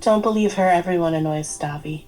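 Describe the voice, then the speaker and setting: A woman at a tabletop game who talks in a wry, quizzical tone. Her voice sits somewhat low. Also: a little fast, a little mellow, rough recording.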